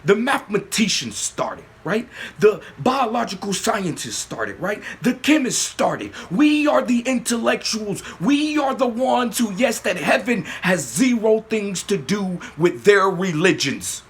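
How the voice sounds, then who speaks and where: A man hosting his own channel, giving a spiritual monologue, often asking "yes?", swinging between loud emphatic bursts and low murmurs. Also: big pitch swings. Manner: slow, repeating "yes?" often. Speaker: channel host.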